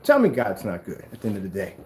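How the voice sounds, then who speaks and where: A man running a small business, chatting casually at home and ranting in an animated way. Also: quick pace. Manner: animated, ranting, talks to his pets in a high voice. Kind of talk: casual vlog chat. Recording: echoey room with faint noise.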